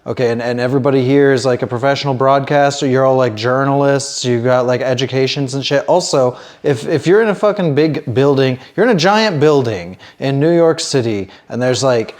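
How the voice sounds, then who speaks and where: A man's voice: mid-range voice, fairly quick, few pauses. A man co-hosting a comedy podcast, rambling and swearing as he chats casually. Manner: rambling, animated, swears often. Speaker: podcast co-host.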